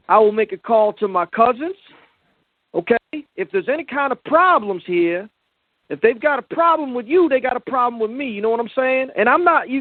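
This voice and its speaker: A brash, boastful man with a very high voice talks tough in heavy slang. He is calling in over a tinny phone line, and the sound is dry and close with no room around it. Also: no room sound. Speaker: caller.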